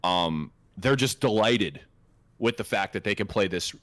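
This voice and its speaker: A man's voice: fairly low pitch, lively intonation, measured pace, fairly bright tone, no echo. A man in his twenties co-hosting a podcast, telling a casual story in a rambling, profane way with lots of fillers and restarts. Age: 20s. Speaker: podcast co-host.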